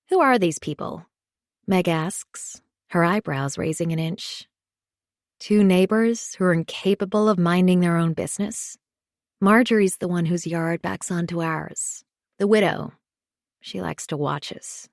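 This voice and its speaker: A woman narrating a thriller audiobook in the first person, measured and understated. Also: on the low side, creaky, dry recording, studio quality.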